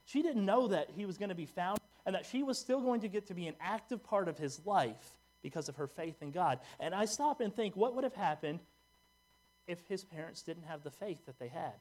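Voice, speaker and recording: Higher-voiced preacher. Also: male voice, animated, a little fast, a little mellow. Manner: conversational, asks the congregation questions, joking asides. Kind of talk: sermon with scripture reading. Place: church sanctuary.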